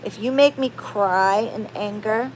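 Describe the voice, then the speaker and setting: A woman chatting casually to her viewers, rambling and expressive, going from loud outbursts to low murmurs. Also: measured pace, a little hiss or hum. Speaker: spiritual practitioner and channel host. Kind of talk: casual chat to camera.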